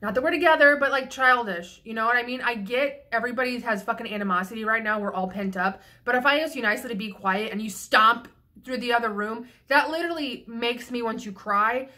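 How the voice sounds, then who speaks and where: A young woman talks straight to camera in a rambling, profane vent, doubling back on herself mid-sentence. Her voice sits a bit high and rings bright and sharp, and she sounds a little tipsy. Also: a little fast. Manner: frank and profane, rambling with restarts. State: slightly tipsy. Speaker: vlogger. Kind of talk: casual venting monologue.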